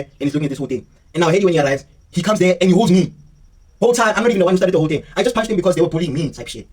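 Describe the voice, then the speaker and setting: Man, storytime vlog, very fast, husky, slangy and animated, recorded from a distance. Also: on the high side. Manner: slangy, animated retelling with acted-out dialogue. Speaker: vlogger telling a story. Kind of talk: casual storytime monologue.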